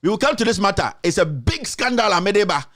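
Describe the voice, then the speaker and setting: A man's voice: high-pitched, big pitch swings, fast, fairly bright tone. A man with a Ghanaian accent delivering a heated political rant, repeating his accusations with emphasis. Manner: mixes in another language. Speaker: commentator.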